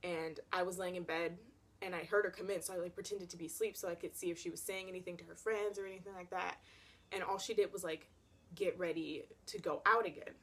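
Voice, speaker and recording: A young woman recounting a story to camera in a casual, animated way, peppering her talk with "like". She sounds dramatic and expressive. Her voice sits a little lower than most women's. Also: fast talker. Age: young adult. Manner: animated and dramatic, heavy use of "like". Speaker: vlogger.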